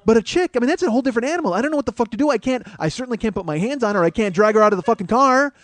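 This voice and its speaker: High-pitched guy ranting a comedy story on his podcast, swears a lot, dead dry room. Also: very fast, no room sound. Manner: profane, rambling, excitable storyteller. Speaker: podcast host.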